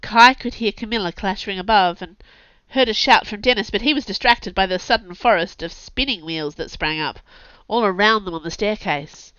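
A woman, an author and podcast host, narrating a story aloud in a lively, expressive way, on a dull lo-fi recording. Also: medium pitch, normal speed, few pauses, clear, resonant tone, no room sound. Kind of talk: scripted audiobook narration. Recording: dull lo-fi sound.

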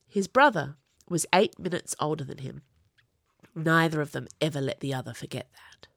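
A woman narrating an audiobook in an expressive reading voice. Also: deep voice, normal speed, gravelly, no echo, studio quality.

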